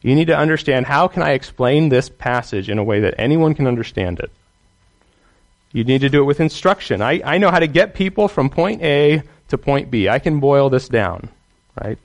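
A man's voice: mid-range voice, lively intonation, normal speed. Earnest man teaching on preaching. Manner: earnest, emphatic, often asks "right?". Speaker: Bible teacher. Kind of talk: teaching on how to preach to children.

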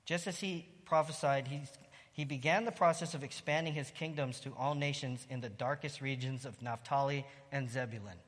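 A pastor preaching a sermon, calling out loud bursts of praise between stretches of plain Bible teaching. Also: male voice, mid-range voice, moderate pace, long reverb tail. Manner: rises to loud exclamations of praise.

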